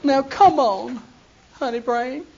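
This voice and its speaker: A man voicing a scheming, seductive woman in a shrill, pleading falsetto, in a dull lo-fi recording. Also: slow pace, gravelly, slight background noise, heavily acted. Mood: coaxing.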